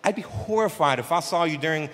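A man preaching a casual, conversational sermon as pastor, with slangy, animated asides. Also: a little high, fast talker, in a large hall. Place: church sanctuary.

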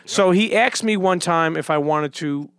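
A man hosting a podcast, with a fairly high voice, rambling through a profane story full of restarts and false starts. He sounds close and dry, as if speaking right into the mic. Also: measured pace, fairly bright tone, clear, resonant tone, dry recording. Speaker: podcast host. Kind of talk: casual podcast chat.

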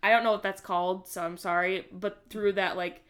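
A woman's voice: medium pitch, steady tone, a little fast. A young woman co-hosting a podcast, chatting casually, giggling often and losing her words. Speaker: podcast co-host. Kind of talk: casual chat.

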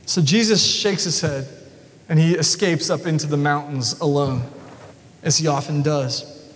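A male pastor preaching a sermon in a church, telling the story in an animated way. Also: on the high side, a little slow, a little hiss or hum. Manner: storytelling, animated, acts out voices. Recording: long reverb of a large hall.

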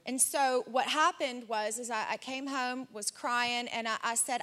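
A woman candidly sharing a personal story in a group discussion, in a lively anecdotal way. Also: a little high, unhurried.

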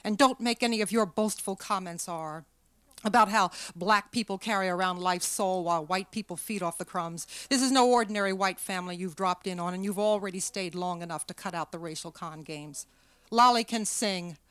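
A woman's voice: mid-range voice, moderate pace, fairly bright tone, smooth, no echo, close to an everyday voice. A woman reading aloud, voicing a dreamy grown daughter who speaks with fervent reverence. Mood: insistent.

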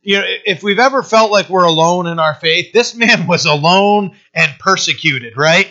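Bright-voiced man preaching a casual sermon. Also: high voice, normal speed. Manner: restarts often, tags lines with "right?". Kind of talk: conversational sermon. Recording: dull lo-fi recording.

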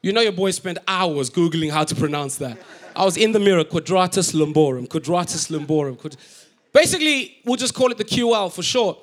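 A male preacher with a notably high voice delivers a humorous sermon in a church. He tells a story with animated, joking energy, slipping in and out of quoted voices. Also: a little fast.

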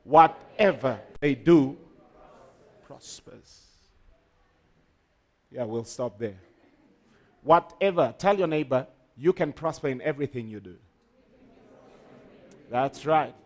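A man's voice: mid-range voice, unhurried, long pauses. A man preaching a sermon, emphatic, with call-and-response to the congregation. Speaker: pastor.

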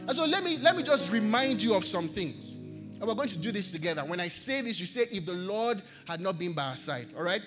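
High-voiced Nigerian preacher over music. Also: male voice, lively intonation, a little fast. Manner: earnest preaching with repeated refrains. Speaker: pastor. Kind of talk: sermon. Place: church.

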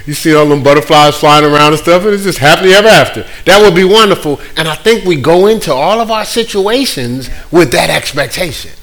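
A man's voice: fairly high pitch, brisk, few pauses, fairly bright tone, rough recording. A man preaching a casual, playful sermon, acting out other people's voices.

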